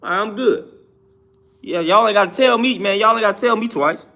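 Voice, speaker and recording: A young vegan health talker gives a casual monologue about diet, speaking emphatically with slangy, repetitive phrasing. His high voice has a sharp tone and vocal fry, and he talks at normal speed.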